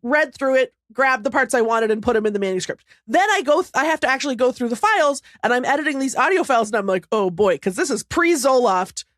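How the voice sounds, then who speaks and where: A woman's voice: high voice, animated, fast talker, few pauses, no echo, studio quality. A woman co-hosting a casual podcast, talking in a rambling, self-deprecating way and often laughing. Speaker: podcast co-host. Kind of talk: casual chat.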